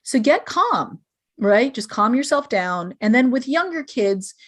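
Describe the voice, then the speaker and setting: A woman's voice: on the high side, sing-song, a little slow. A woman speaking as a podcast guest, giving earnest, explanatory parenting advice and acting out sample phrases parents might say. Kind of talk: podcast interview.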